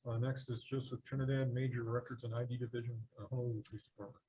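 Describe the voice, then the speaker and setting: A man chairing a legislative hearing, briskly calling up witnesses in a matter-of-fact way. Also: medium pitch, flat delivery, warm tone, breathy edge. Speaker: committee chair. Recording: dull lo-fi audio with faint noise.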